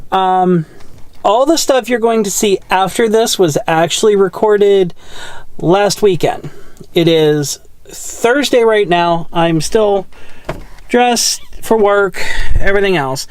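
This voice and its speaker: A woman's voice: medium pitch, no room sound. A woman hosting her own car channel who talks casually to the camera in a chatty, rambling way full of fillers. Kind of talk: casual vlog talk to camera.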